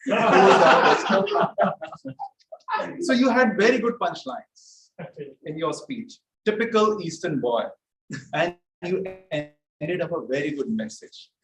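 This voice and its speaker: A man's voice: fairly high pitch, expressive, a little slow. A man with a Pakistani English accent giving jokey feedback on a speech at a club meeting. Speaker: speech evaluator. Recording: echoey room from far off, faint noise.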